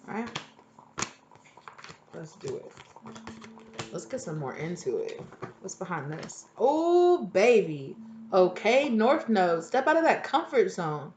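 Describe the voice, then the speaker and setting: A woman's voice: medium pitch, big pitch swings, slow, pauses often, noisy background. A woman giving a casual tarot reading to her viewers. She talks chattily, swears freely and laughs at herself. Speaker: tarot reader.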